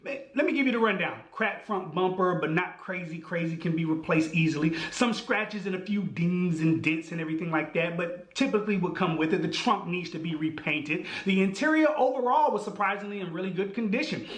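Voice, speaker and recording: A man with a high voice tells a comic story on his podcast. He talks in an animated way, full of slang and voiced asides, and his voice echoes around the room. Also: fairly quick, hardly any pauses. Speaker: podcast host. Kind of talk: storytelling monologue.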